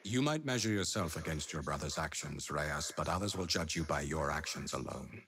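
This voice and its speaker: An actor with a British accent playing a stern, measured male leader who speaks formally in aphorisms. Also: very deep voice, animated, fairly bright tone, slight background noise, heavily acted. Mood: solemn.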